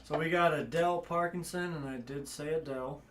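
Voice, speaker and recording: A man co-hosts a casual stream and reads out donors and their notes. He reads in a plain, steady way, and his voice sits a little high. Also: brisk, far from the mic. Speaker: co-host reading donations. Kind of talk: reading donor messages aloud.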